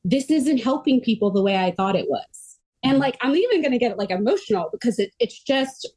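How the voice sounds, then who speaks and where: A middle-aged woman telling her story as a podcast guest, earnest and animated, full of "like" fillers. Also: a little high, a little fast. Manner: earnest and animated, frequent "like" fillers, quotes others in her own voice. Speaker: podcast guest, myofascial release therapist. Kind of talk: conversational interview storytelling.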